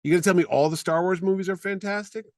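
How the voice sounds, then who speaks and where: A man co-hosting a podcast who rants with strong, animated opinions in a casual chat. His voice sits a little high for a man. The sound is dry and close, with no room echo. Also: fast. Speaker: podcast co-host.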